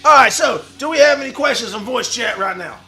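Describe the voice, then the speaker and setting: A man hosting a livestream in a wrestler persona, boastful and profane, talking like a wrestling promo and bursting into shouts. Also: extremely high pitch, animated, fairly quick, gravelly, faint music behind. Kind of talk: brash wrestling promo talk.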